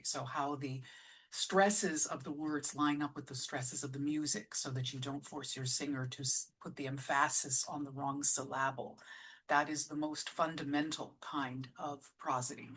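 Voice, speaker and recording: Middle-aged woman vlogging to camera, husky voice, chatty and thoughtful, lots of uhs and restarts. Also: low voice, fairly bright tone. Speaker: artistic director giving advice on musical writing. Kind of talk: casual vlog lecture.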